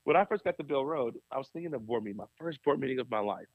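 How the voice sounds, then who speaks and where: A young adult man, a pastor, telling a personal story in a podcast interview with a lively, animated delivery and frequent laughs. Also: rapid-fire, no room sound, narrow, tinny audio. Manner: animated storyteller, swings pitch high for quoted voices, laughs often.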